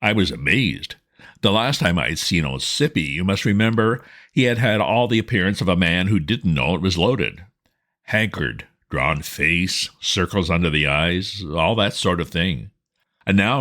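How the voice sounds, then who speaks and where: A man reading a classic comic novel aloud in a dry, expressive manner. His voice is very low, and his intonation moves around a lot as he tells the story. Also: moderate pace. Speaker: narrator. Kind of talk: audiobook reading.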